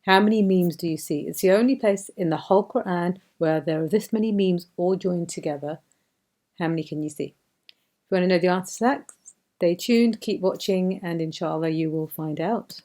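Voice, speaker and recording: A woman gives a beginner reading lesson in a mellow, warm voice. She explains each point patiently and repeats words slowly so learners can follow. Her voice sits a little low. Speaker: Quran reading teacher.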